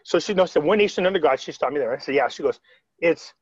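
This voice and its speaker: A man's voice: a little high, expressive, quick pace, dry recording, lo-fi sound. Rambling storyteller man on a call. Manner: rambling, retells quotes, frequent restarts. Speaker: interviewee. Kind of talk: casual video-call storytelling.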